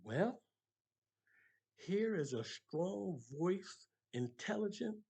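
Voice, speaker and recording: A man's voice: sits high, expressive, drawn-out words, gravelly, warm tone, slightly rough. An older man giving an impassioned motivational monologue, emphatic and preacherly, rising to passionate peaks. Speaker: motivational speaker.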